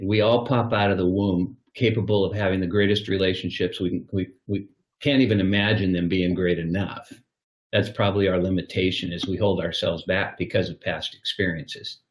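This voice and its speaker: An older man with a low voice gives reflective advice on a podcast. He tells his stories like little scenes. A roomy echo hangs around his voice. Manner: storytelling, acts out little scenes. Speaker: guest.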